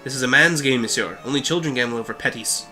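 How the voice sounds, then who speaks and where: A man's voice: mid-range voice, fast, bright, forceful tone, soft background music. A man reading the lines of a pushy gambler who keeps coaxing people into card games. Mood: plain. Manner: coaxing, insistent.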